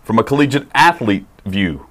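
A man's voice: fairly low pitch, lively intonation, normal speed, a bit bright. A man hosting a sports talk radio show, running the segments and giving plugs in an easy, conversational way.

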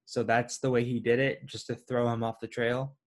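A man's voice: mid-range voice, level tone, normal speed. A man co-hosting a casual film review chat, laid-back with dry quips. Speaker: podcast co-host.

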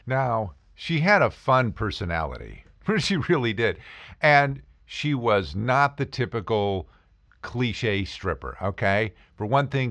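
This lowish-voiced man, a podcast host, tells a funny story from his own life in a casual, animated way, doing the voices of the people involved. The recording is dry.

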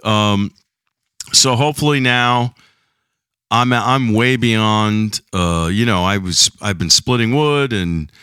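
A man's voice: lowish voice, takes it slowly, pushed and bright, smooth, no echo, clean studio sound. A middle-aged man hosting a casual solo podcast, rambling and chatty with a slight lingering cough. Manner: rambling, chatty, self-deprecating. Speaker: podcast host.

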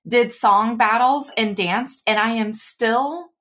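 A woman co-hosting a podcast in casual chat, talky and quick to react with laughs. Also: fairly high pitch, steady tone, a bit bright. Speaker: podcast co-host.

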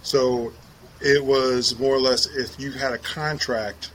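A man's voice: mid-range voice, fairly even intonation, slow, fairly bright tone, a little hiss or hum, poor audio. A man co-hosting a podcast, explaining things in an easygoing, laid-back casual chat. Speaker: podcast co-host.

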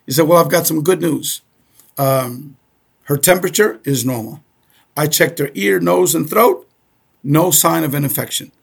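Gravelly, husky middle-aged man. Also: a little high. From Cuba. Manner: repeats "okay?" often, animated storyteller. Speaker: guest. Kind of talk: casual storytelling.

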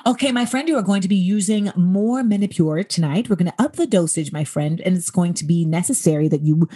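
A woman voicing an overly formal female clinic caller who speaks in a measured, repetitive way. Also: on the low side, mellow, slightly rough.

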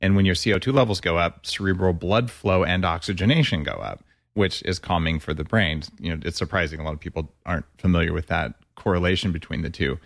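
Male host, lowish voice, eager and conversational, dry close-mic sound. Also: fast, vocal fry, fairly bright tone, no room sound. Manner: chatty, enthusiastic. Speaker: podcast host. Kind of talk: podcast interview.

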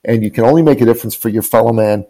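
A man's voice: lowish voice, very fast, mellow, poor audio. A man guest, a business coach, speaking earnestly and emphatically, often repeating his phrases as he tells an inspirational story.

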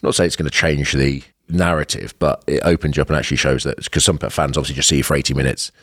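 A co-host with a very deep, husky voice talks fast and rambles with lots of fillers. The recording is dry and close. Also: male voice, flat delivery, a bit bright, dry recording. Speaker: podcast co-host. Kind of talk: casual chat.

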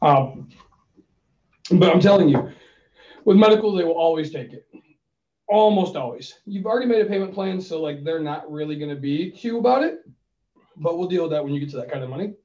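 This podcast co-host offers money advice in a relaxed chat, an animated storyteller who plays both sides of phone calls. He speaks briskly, on the high side, with long pauses. Recorded on a distant mic, it sounds roomy, dull and lo-fi.

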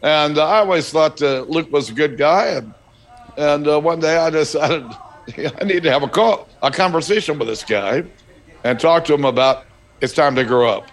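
An older man, a former political leader, reminiscing casually with many pauses and fillers. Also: fairly high pitch. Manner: halting, many fillers, folksy. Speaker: former House Speaker, surprise guest. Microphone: headphones, remote line.

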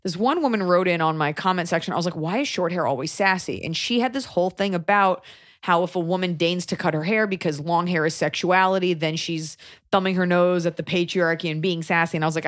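A woman's voice: on the low side, quick pace. Profane ranting woman podcast host. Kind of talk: casual podcast chat.

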